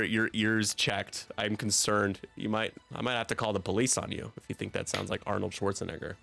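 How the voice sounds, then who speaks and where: A man's voice: on the low side, flat delivery, fairly quick, creaky, hardly any pauses, a bit bright, faint music behind. A man commentating a tabletop game on a live stream, joking and self-deprecating as he goes. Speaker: league commentator.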